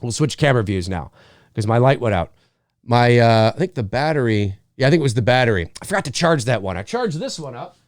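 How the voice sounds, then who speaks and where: A man's voice: medium pitch, big pitch swings, fairly quick, dry recording, studio quality. A man hosting his own show, talking casually about movies, rambling with many restarts. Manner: rambling, restarts often, acts out movie lines. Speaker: host. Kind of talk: casual solo movie talk. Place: home room with lights and cameras.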